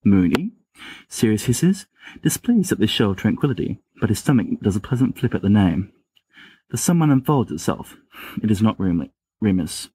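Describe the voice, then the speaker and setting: A man's voice: on the low side, sing-song, normal speed, mellow, a little hiss or hum. A man narrating a story in an amateur audiobook reading, plainly, with small restarts. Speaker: podfic reader.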